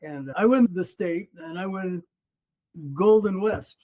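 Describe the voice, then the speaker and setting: An older man in his seventies, a former runner and coach, recounts his racing days as a podcast guest. His voice sits high for a man and stays lively throughout. The audio is slightly dull and muffled. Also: slow. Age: 70s. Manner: lively, animated storyteller. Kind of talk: casual storytelling interview.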